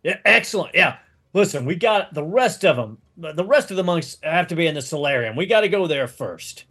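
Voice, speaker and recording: A man's voice: fairly high pitch, animated, a little fast, fairly bright tone, breathy edge, voice pushed up, heavily acted. A man voicing a young injured monk who is fed up, agitated and swears in a tabletop game.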